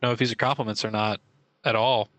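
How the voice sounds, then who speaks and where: A man's voice: on the low side, flat delivery, fast, a bit bright, no room sound, poor audio. A young man co-hosting a casual podcast, telling stories with lots of fillers and hedges. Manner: rambling storyteller, many fillers. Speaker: podcast co-host.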